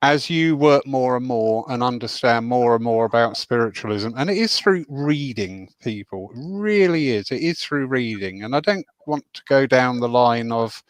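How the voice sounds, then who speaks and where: A man hosting a relaxed spiritual discussion, voice mid-range in pitch. He talks with earnest emphasis and chatty asides. The recording is dry and close. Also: normal speed, few pauses, no room sound. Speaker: host.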